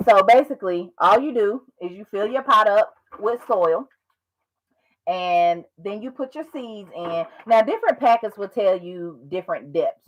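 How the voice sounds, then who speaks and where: Chatty woman, lo-fi home video. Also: fairly low pitch. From North Carolina. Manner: chatty, explains step by step with many ums and rhetorical checks. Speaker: gardening vlogger. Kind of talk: casual how-to demonstration.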